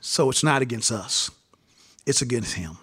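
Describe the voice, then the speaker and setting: A man's voice: mid-range voice, expressive, moderate pace, a bit bright, breathy edge. A man preaching an impassioned sermon at a seminary gathering, repeating phrases and addressing his listeners directly.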